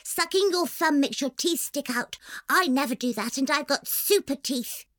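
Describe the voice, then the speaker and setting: A woman's voice: high-pitched, lively intonation, normal speed, a bit bright, no room sound, clean studio sound, voice pushed up. A woman voicing a bossy, self-satisfied little girl who lectures other children and thinks she is perfect. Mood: prim, lecturing.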